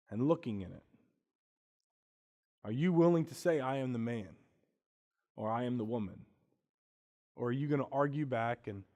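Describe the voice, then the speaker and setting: A male pastor delivering a sermon in a conversational, everyday way. His voice sits a bit high for a man. He drops to hushed, quiet lines, then rises into emphatic, louder stretches. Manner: conversational preaching, swings between hushed and emphatic.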